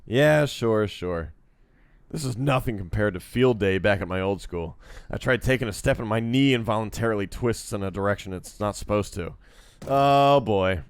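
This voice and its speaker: A man's voice: on the low side, moderate pace, clear, resonant tone, dry recording. Profane man reading a visual novel aloud. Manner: sarcastic, profane, talks to chat. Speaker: streamer playing a visual novel. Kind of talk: reading game text aloud with casual commentary. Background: guitar music.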